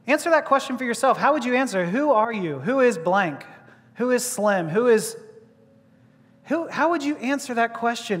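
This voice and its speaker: A man preaching a sermon as a pastor, telling a story with lively acted-out voices and frequent laughter, in a church. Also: high voice, normal speed. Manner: animated storyteller, acts out voices, laughs often. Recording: long hall reverb.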